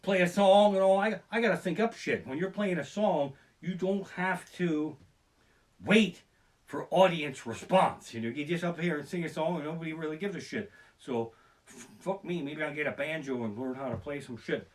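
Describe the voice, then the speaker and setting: A man's voice: fairly high pitch, normal speed. A man doing profane, self-deprecating stand-up comedy, livestreamed from his living room on a barebones home setup. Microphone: barebones home streaming setup.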